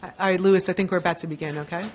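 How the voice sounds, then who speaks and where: Middle-aged woman, law dean, lower voice, earnest and wry lecture introduction. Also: steady tone, very fast, slight background noise. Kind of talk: formal lecture introduction with personal anecdotes. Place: lecture hall.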